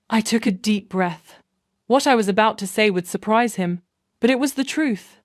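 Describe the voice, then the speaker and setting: A woman tells a first-person story in a gentle, measured voice at a middle pitch. The recording is dry and close, with no room sound. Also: no room sound. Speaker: narrator.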